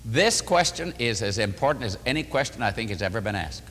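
An older man preaching and answering questions, telling stories with lively, animated delivery. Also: fairly quick, long reverb tail. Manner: animated storytelling, voices quotes with rising pitch. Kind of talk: sermon.

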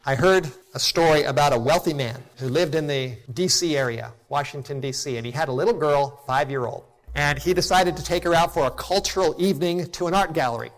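A middle-aged man preaching a sermon, impassioned, rising to emphatic peaks and then dropping soft, telling stories with acted quotes. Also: fairly high pitch, fairly quick, hardly any pauses.

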